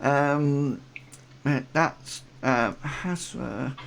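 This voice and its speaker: A man running an online tabletop game as game master, narrating in a halting way with many pauses. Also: mid-range voice, gravelly, fairly bright tone, a little hiss or hum. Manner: halting, with frequent pauses and fillers.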